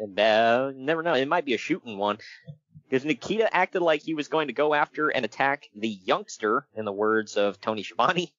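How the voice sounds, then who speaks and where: Man, podcast co-host, casual chat, animated, laughs often, dry muffled sound. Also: mid-range voice, normal speed, no echo. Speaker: podcast co-host reviewing wrestling.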